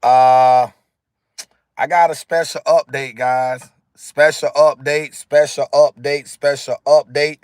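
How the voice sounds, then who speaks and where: Sitting in his car under the sun, a man broadcasts live through his phone camera, addressing viewers in an emphatic rant that keeps circling back on itself. His fairly high voice moves little in pitch and comes slowly, a little mellow and clean-toned, with no room sound and a clean studio quality.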